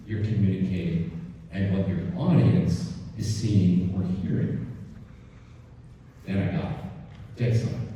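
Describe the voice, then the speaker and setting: A man's voice: lowish voice, a little hiss or hum. A man giving a conference keynote, telling stories and often asking the audience "right?". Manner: animated storyteller, frequently asking "right?". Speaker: keynote speaker. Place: large conference hall. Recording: echoey hall, from far off.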